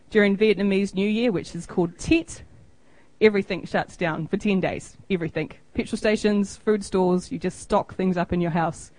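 Woman, 30s, New Zealand accent, relaxed self-deprecating presenter, dry recording. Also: mid-range voice, no echo, low-quality recording. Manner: chatty, self-deprecating, acts out quoted exchanges. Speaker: missionary giving a church report. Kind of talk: informal presentation with photos.

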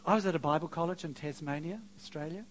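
A middle-aged man preaching a sermon, telling a personal story with self-mocking asides and swings between quiet and loud. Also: a little high, fast, slight background noise.

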